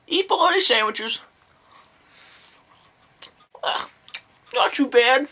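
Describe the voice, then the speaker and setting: An eccentric, creepy old nun who talks in a very high, piercing voice, put on by a woman. She rambles in a folksy way and keeps breaking into exclamations as she reviews a horror movie in a comedy sketch. Her tone is bright and sharp. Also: animated, slow, heavily acted, low-quality recording. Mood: rambling. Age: older. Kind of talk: comedic character monologue.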